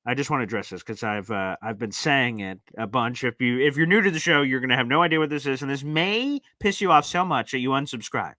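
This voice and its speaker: A young man hosting a live sports fan call-in show, talking in an excitable, rambling and emphatic way. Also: mid-range voice, fairly quick, hardly any pauses, dry recording. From northeastern United States.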